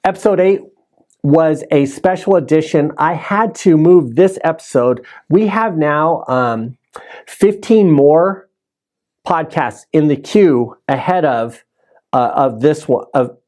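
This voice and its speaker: A man's voice: a little high, expressive, slow, darkish tone. A man hosting a podcast, recapping his season in a casual, rambling way and correcting himself as he goes. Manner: rambling, self-correcting with restarts. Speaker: podcast host.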